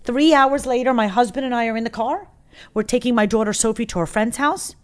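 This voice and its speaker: A woman with a somewhat high voice chats casually. She tells rambling, self-deprecating stories, often restarting her sentences. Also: fairly quick. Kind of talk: casual chat.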